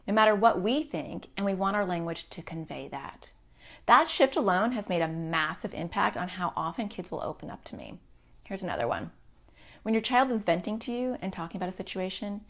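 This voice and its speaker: A middle-aged woman speaking as a child therapist, talking straight to parents. Her advice comes across direct and reassuring, at an ordinary pitch for a woman. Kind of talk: parenting advice talk to camera.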